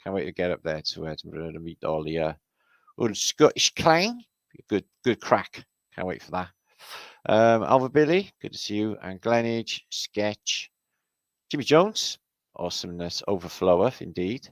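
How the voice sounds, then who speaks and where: A man hosting a livestream, chatting casually and giving rambling shout-outs to viewers. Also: low voice, normal speed, dry recording. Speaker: livestream host.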